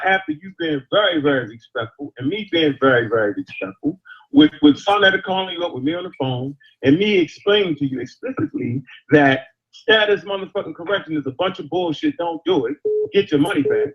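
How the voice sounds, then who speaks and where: A man's voice: a little high, sing-song, a little fast, gravelly, highs cut off. A man in a heated live-chat argument, defensive and insistent, pressing his points with curses.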